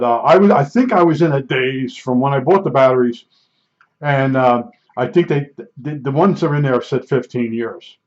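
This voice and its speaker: A man's voice: mid-range voice, a little mellow. A man in his sixties telling a digressive, folksy and blunt story in a casual monologue. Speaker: vlogger. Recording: dull lo-fi recording.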